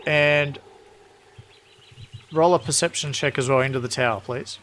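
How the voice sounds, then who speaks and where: A man running a livestreamed tabletop game as game master, who reads lore aloud and answers players' questions in a relaxed way. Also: mid-range voice, measured pace, slight background noise.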